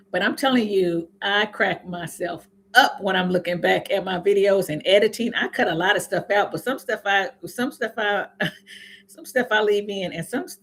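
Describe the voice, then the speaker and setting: Speaking at a medium pitch and normal speed, a woman from Indiana hosts her natural hair livestream, chatting loosely with viewers and laughing at herself a lot. She's middle-aged, has an Indiana accent, uses some Southern sayings, and there's a little hiss or hum on the audio.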